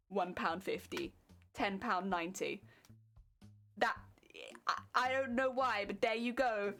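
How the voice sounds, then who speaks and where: Young British female streamer, giggly casual chat, bright and bouncy, faint music bed. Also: a little high. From Britain. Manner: giggly, chatty, answers chat readers.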